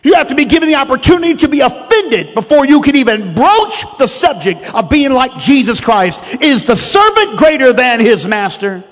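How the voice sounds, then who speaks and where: A man preaching a sermon, with rhythmic, emphatic delivery that builds to shouts. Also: extremely high pitch, very animated, moderate pace, hardly any pauses. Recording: long reverb of a large hall.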